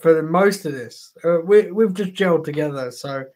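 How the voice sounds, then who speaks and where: A man's voice: on the high side, normal speed, a little mellow. A man hosting a casual live stream, rambling with fillers and laughing often. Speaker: host.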